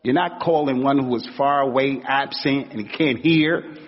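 A man preaching at a moderate pace, his mid-range voice carrying a breathy edge, gives an informal, street-slang sermon and acts out anecdotes. The sound is dull and washed in long hall reverb.

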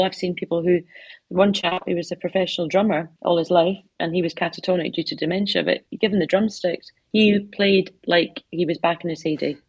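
A woman's voice: fairly low pitch, slightly rough, dry recording. A middle-aged woman telling heartfelt stories as an author in an interview, speaking from her home office. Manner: heartfelt storytelling with soft asides. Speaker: author guest. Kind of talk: conversational interview answers.

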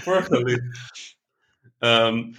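A man's voice: mid-range voice, lively intonation, extremely slow, fairly bright tone, slight background noise. A man co-hosting a podcast, telling a travel story in a casual chat with frequent laughs. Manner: chatty, laughs often, quotes people in his stories. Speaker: podcast co-host.

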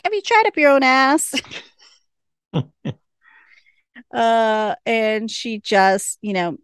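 A woman's voice: medium pitch, clean tone, dry recording, clean studio sound. A woman hosting a podcast, casually recapping a TV episode, laughing often and acting out the lines. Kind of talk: casual chat.

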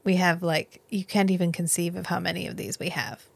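A woman co-hosting a podcast, recapping a miniseries in animated casual chat, swearing freely and acting out the characters' lines. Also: lowish voice, brisk, creaky, dry recording. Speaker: podcast co-host.

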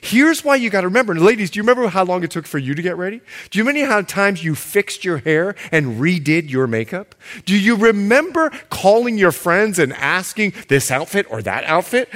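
A man preaching a sermon, animated and playful, swinging between loud and hushed. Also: high voice, brisk. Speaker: pastor.

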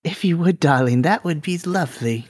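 A man's voice: on the high side, animated, normal speed, darkish tone, husky. A man voicing a flirtatious woman who performs at a nightclub, in a sultry, affectionate manner, during a tabletop role-play. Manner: sultry, affectionate, calls others darling and love.

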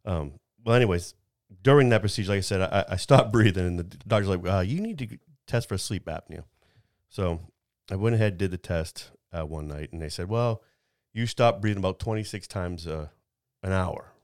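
A man in his fifties with a lowish voice tells a personal story in casual chat. He rambles, restarts his sentences and laughs at himself. The sound is dry and close to the mic. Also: normal speed, a little mellow, no room sound. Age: 50s.

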